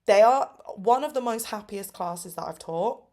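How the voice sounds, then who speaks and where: A woman's voice: animated, normal speed, warm tone. A woman in her twenties from England, chatting casually about her teaching days in an upbeat, filler-heavy way. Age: 20s. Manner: upbeat, lots of fillers, acts out kids' voices with big pitch jumps. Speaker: English teacher vlogger. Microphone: phone camera.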